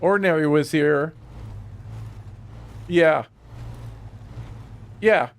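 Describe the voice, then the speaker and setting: A man's voice: a little high, drawn-out words. A man streaming a truck driving game, chatting casually and grumbling profanely to himself. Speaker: gaming streamer.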